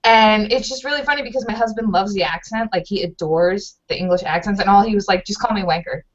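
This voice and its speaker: A woman host chatting casually with her guest, giggly and animated. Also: mid-range voice, quick pace. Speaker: show host. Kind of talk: casual chat. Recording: dull lo-fi online stream audio.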